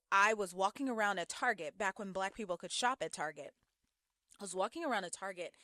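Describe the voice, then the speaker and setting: A young woman giving a casual commentary vlog, telling stories in an animated way with sudden jumps in pitch. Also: no echo, studio quality. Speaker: YouTube commentator.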